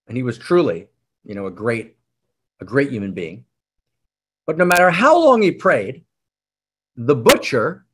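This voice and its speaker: A man giving a sermon as a spiritual teacher, telling a story in a wry, expressive and intimate way. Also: medium pitch, breathy edge.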